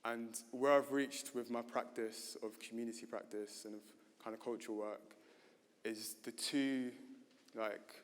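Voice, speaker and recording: A man's voice: medium pitch, steady tone, a little slow. Hesitant man speaking in a reverberant hall. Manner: hesitant, many fillers and restarts. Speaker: panel speaker. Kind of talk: unscripted panel talk. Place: gallery event stage.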